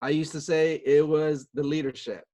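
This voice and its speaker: A man's voice: fairly even intonation, normal speed, dark tone, no echo. A man in his fifties giving a motivational talk from home on a video call, chatty and long-winded, repeating himself as he goes. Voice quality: upbeat and chatty, high-spirited. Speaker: guest speaker on a video call. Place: home with pet dogs nearby.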